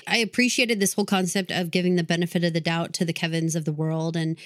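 Lower-voiced woman co-hosting a podcast. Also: steady tone, fast, no room sound, clean studio sound. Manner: laughs easily, earnest. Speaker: podcast co-host. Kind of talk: casual chat.

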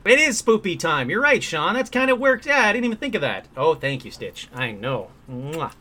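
A man's voice: fairly high pitch, very animated, moderate pace, sharp tone. A man hosting a live paranormal call-in show from a room at home. He chats casually and upbeat, with plenty of ums and uhs. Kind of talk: casual live-stream chat.

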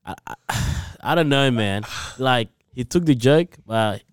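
A man co-hosting a casual podcast, explaining his view in a low-key, rambling way. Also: lively intonation, takes it slowly, smooth, no room sound, clean studio sound. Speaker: podcast co-host.

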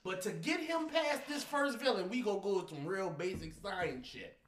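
A man's voice: high-pitched, expressive, moderate pace, fairly bright tone. A young man co-hosting a casual podcast, arguing his points with combative, profane energy. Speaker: podcast co-host. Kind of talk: casual argumentative chat. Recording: roomy echo, faint noise.

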